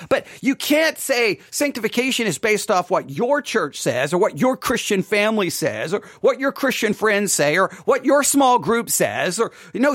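A woman's voice: mid-range voice, no room sound, clean studio sound. A woman hosting a podcast Bible lesson, talking it through conversationally and often checking in with her listeners. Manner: conversational, keeps checking in with "right?". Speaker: Bible study teacher and podcast host.

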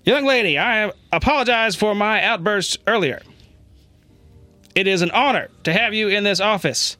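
A man's voice: high-pitched, moderate pace, no room sound, soft background music, voice pushed up. A man voicing a hot-tempered older general who barks and curses. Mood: stiff apology. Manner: yelling, profane, brusque.

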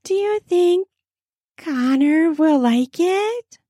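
A woman putting on a sweet high girly shopper. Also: lively intonation, very slow, mellow, no room sound, clean studio sound, exaggerated voice. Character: sweet-voiced young woman shopper, bubbly.

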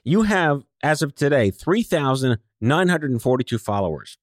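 A man's voice: mid-range voice, sing-song, moderate pace, no echo, studio quality. A man hosting a podcast interview, chatty and teasing with his guest. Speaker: podcast host. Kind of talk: casual interview chat.

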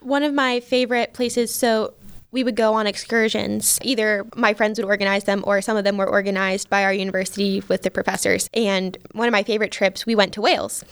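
A woman's voice: mid-range voice, fairly even intonation, fairly quick, a bit bright, smooth. A young American woman in her twenties, a guest on a talk show, eagerly recalling her study-abroad days and saying "like" a lot. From United States. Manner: enthusiastic, giggly, says "like" often. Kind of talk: casual conversation.

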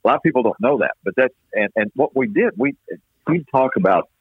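A man from East Texas, a baseball play-by-play announcer, telling stories in a folksy, unhurried way with many restarts, heard over a phone line. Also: medium pitch, huge pitch swings, vocal fry, breathy edge, dry recording. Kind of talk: storytelling interview chat. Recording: dry tinny phone-line sound.

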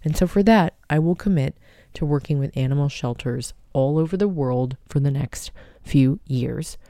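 A woman hosts her own podcast in a gentle, heartfelt, unhurried voice. Her tone is dark and mellow, with a gravelly edge. The recording is close and dry. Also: deep voice, no echo. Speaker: podcast host. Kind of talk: personal podcast talk.

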